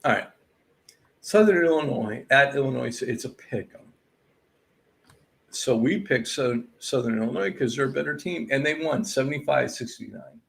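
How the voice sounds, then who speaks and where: A man with a gravelly, mid-range voice hosts a sports-picks recap at a normal speed, going over college basketball scores. It's an expressive, exasperated, sarcastic rant in the style of a sports betting recap.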